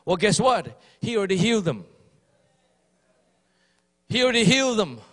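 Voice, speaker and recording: Male pastor, high voice, fervent Sunday sermon, repetitive emphasis, church setting. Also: big pitch swings, normal speed, fairly bright tone, big-room sound. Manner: fervent, repetitive, mimics pleading prayers.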